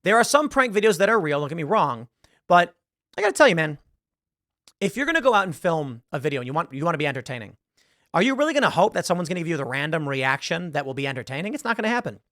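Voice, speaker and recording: Higher-voiced man talking commentary. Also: big pitch swings, fast, sharp tone, dry recording, studio quality. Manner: rambling, conversational, acts out quotes. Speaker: show host. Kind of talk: casual political commentary.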